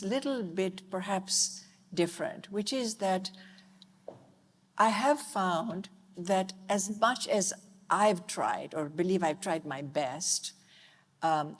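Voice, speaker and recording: Reflective woman panelist, lowish voice. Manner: reflective, measured, some hesitation. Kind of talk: panel discussion answer. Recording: reverberant conference hall.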